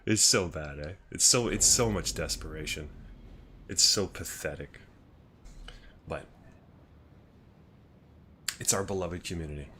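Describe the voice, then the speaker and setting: A man's voice: low voice, slow pace, pauses often, bright, forceful tone, a little hiss or hum. A man streaming a game live, chatting casually with viewers, swearing freely and rambling through his thoughts. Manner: chats with viewers. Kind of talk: live gameplay commentary.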